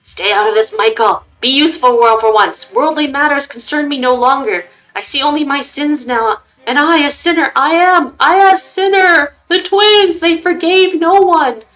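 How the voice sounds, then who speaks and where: A woman voicing a guilt-maddened old grandfather who rants and shouts at his family. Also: high voice, moderate pace, hardly any pauses, voice pushed up, low-quality recording. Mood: raving. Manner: shouting, ranting. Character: raving old male grandfather, guilt-mad, zealous.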